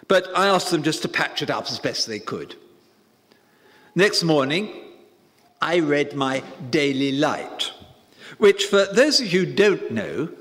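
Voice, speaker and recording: A man voicing a very old, devout army general who speaks in a clipped, formal military manner, in a hall with long reverb. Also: fairly high pitch.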